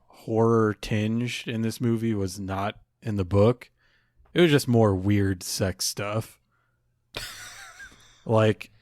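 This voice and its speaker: Man, low voice, sarcastic, profane, casual podcast banter, dry sound. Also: dry recording. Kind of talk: casual chat.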